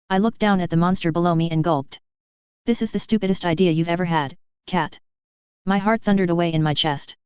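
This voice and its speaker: Low, clear woman narrating a tense story. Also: darkish tone, dry recording. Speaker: audiobook reader. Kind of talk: first-person fiction narration. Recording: dry, slightly muffled recording.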